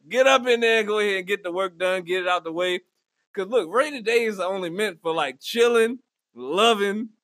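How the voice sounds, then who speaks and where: In a clean studio recording with no room sound, a man hosts his own podcast solo, his high voice pushed and bright. He chats casually, rambling through jokes and slang in loose banter.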